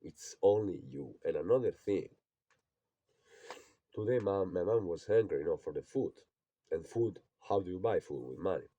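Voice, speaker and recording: Young man, personal rant to camera, agitated, repeats himself, lowish pitch, dark tone. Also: animated, moderate pace, highs cut off. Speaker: vlogger. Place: old rural house.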